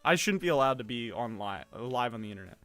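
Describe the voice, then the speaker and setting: A man's voice: mid-range voice, lively intonation, quick pace, over loud music. A young man streaming from home, rambling and swearing as he gets flustered and mocks himself. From United States. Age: young adult. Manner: rambling, swearing, easily flustered, self-mocking. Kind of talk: casual livestream chat while gaming.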